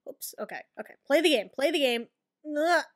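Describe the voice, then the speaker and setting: A woman hosting a gaming video, giving casual gameplay commentary, excitable, swearing and yelling at the game. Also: sits high, a little fast, over loud music.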